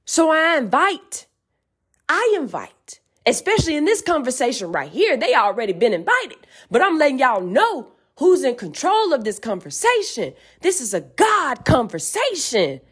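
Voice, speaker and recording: A woman's voice: high voice, wildly swooping pitch, normal speed, a bit bright. A woman podcast host in an emphatic spiritual rant, fiery and profane.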